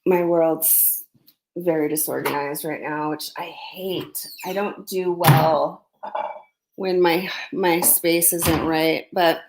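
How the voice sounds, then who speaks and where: A woman livestreams by phone from her home under construction, casually gossiping and reading viewer comments while eating breakfast. She sits low in pitch, speaks slowly and steadily with vocal fry, and the background is noisy.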